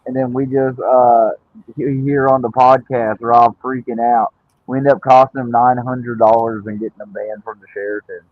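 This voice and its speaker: A man's voice: medium pitch, little pitch movement, normal speed, no room sound. Laid-back male wrestler guest, loose and full of filler words, on dry, dull audio. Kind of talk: casual storytelling.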